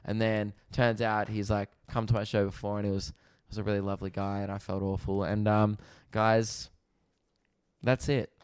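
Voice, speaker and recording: Young australian man, comedian hosting a podcast, rambling animated stories, lowish voice, dry close sound. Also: normal speed, clean tone, dry recording. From Victoria, Australia. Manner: rambling, animated storytelling with swearing. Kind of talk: casual storytelling chat. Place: rented holiday apartment.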